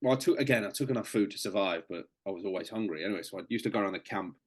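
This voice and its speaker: A man's voice: fairly low pitch, rapid-fire. A man, a podcast guest, telling a casual story in a chatty way, swearing and calling the host "mate".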